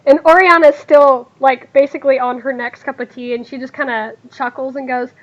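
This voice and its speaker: Woman gm narrating, high voice, lots of ums. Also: steady tone, highs cut off. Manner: halting, with many fillers. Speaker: game master. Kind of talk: narrating a tabletop game.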